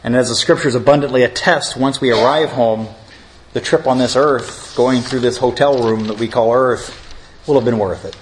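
A man's voice: mid-range voice, normal speed, slight background noise, rough recording. A middle-aged man preaching a sermon, telling stories in a conversational way and rising to emphatic lists. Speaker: pastor.

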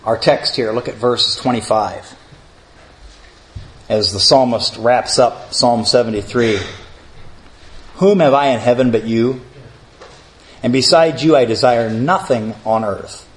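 A man's voice: mid-range voice, a little slow, long pauses, rough recording. A middle-aged man preaching a sermon, telling stories in a conversational way and rising to emphatic lists. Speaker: pastor.

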